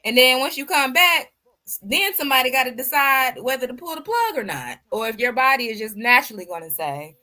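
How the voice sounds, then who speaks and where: Woman reacting on camera, blunt and sassy, bright voice that swoops around. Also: high voice, sing-song, a little fast. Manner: blunt and sassy, rhetorical questions. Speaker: reaction video host. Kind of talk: casual commentary.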